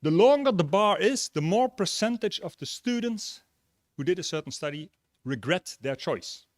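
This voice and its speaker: A man giving a relaxed graduation speech and telling jokes and a story. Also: high-pitched, moderate pace, no echo, studio quality. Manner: relaxed, tells jokes and stories. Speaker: graduation speaker. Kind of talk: ceremonial speech.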